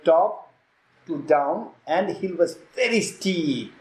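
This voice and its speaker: A Buddhist teacher with a Tibetan accent telling a teaching story, halting and repeating words as he acts out dialogue. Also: fairly high pitch, lively intonation. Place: retreat teaching hall. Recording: echoey hall.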